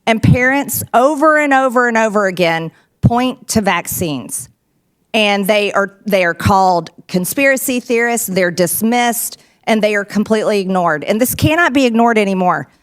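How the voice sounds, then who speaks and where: A woman's voice: mid-range voice, lively intonation, normal speed. A woman speaking formally at a congressional hearing, emphatic and insistent.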